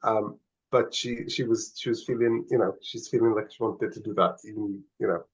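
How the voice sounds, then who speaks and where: A man's voice: lowish voice, steady tone, moderate pace. Chatty laughing man on a podcast. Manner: chatty, laughs often, stumbles over words. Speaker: podcast co-host. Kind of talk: casual chat. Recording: slightly dull lo-fi audio.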